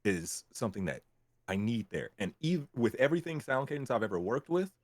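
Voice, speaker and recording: Lively man telling stories. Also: mid-range voice, fairly quick, no echo. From Memphis, Tennessee. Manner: animated storyteller, acts out clients' lines. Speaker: voice actor guest. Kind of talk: casual interview chat.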